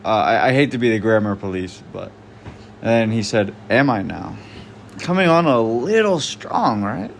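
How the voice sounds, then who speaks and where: A man's voice: medium pitch, expressive, normal speed, gravelly, slight background noise. A man doing casual reaction commentary, blunt and slangy, swearing freely. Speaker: online commentator.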